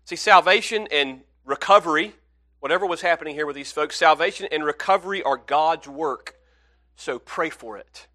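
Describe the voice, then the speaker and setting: High, bright-voiced male preacher. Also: normal speed. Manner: earnest preaching, swings from loud to hushed. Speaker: pastor. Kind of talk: sermon.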